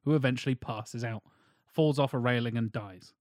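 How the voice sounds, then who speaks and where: A man's voice: medium pitch, moderate pace, a little mellow, no echo, studio quality. A man co-hosting a podcast, chatting casually with wry, sarcastic remarks. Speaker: podcast co-host. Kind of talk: casual chat, swearing.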